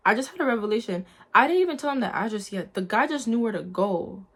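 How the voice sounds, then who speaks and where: A woman's voice: a little high, quick pace, husky. Earnest young woman telling a story. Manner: earnest, lively storytelling, addresses viewers as guys. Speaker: vlogger sharing a faith testimony. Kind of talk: casual spoken testimony.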